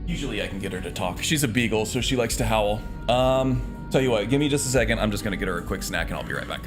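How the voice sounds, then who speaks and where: A man casually talking through a video game as he plays, relaxed and rambling with fillers. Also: on the low side, fast, few pauses. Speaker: streamer. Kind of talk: casual gameplay commentary. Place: home. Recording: music playing behind. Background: clear background music.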